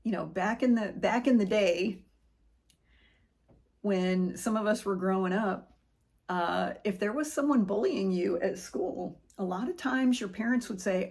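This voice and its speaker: A woman's voice: mid-range voice, unhurried. A middle-aged woman hosting a podcast, talking earnestly and conversationally in a personal motivational monologue. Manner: earnest, conversational storytelling with animated quoted voices. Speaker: podcast host.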